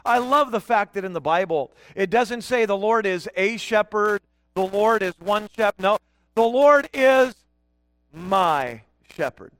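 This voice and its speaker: High-voiced emphatic preacher man. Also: a bit bright, big-room sound. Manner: emphatic, slows to stress key words, asks the audience questions. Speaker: guest pastor. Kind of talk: sermon. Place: church sanctuary.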